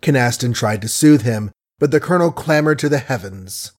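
A man's voice: medium pitch, animated, normal speed. Man reading a story aloud. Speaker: narrator. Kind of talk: audiobook narration.

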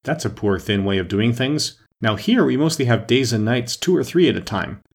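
Bossy storybook queen, high and commanding, a male reader putting her on; husky edge. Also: animated. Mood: domineering. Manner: brisk, commanding, scolding. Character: bossy imperious adult female queen.

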